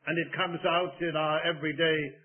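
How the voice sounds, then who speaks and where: A man preaching a sermon slowly and deliberately, with sing-song rises and hushed drops on key words. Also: a little high, level tone. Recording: tinny phone-like old recording.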